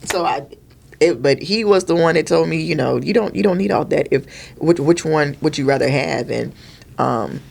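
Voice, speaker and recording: A middle-aged woman with a fairly low voice, chatting easily as a podcast guest about her Navy years. She talks casually, with slang, and jumps into animated impressions of the people in her stories. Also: moderate pace, vocal fry, breathy edge. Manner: casual, uses everyday slang. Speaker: podcast guest, retired Navy master chief. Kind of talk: casual storytelling conversation.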